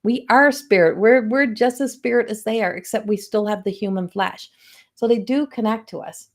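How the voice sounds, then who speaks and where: A woman's voice: a little high, normal speed. A middle-aged woman hosting a psychic medium livestream from home, chatting casually and animatedly to viewers, often acting out quoted voices.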